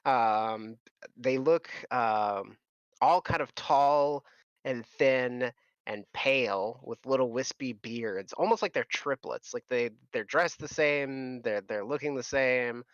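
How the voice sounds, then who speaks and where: A man running a tabletop game, his narration loose and rambling with restarts and laughter. The sound is dry and close, with the dull, lo-fi tone of a home voice call. His pitch sits in the ordinary middle range for a man. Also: slow pace, smooth, no room sound. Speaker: game master.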